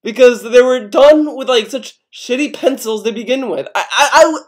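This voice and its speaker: A man's voice: very high voice, normal speed. Rambling, swearing young man. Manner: rambling, swears a lot, mock-outraged. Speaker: commentary youtuber. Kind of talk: casual reaction commentary.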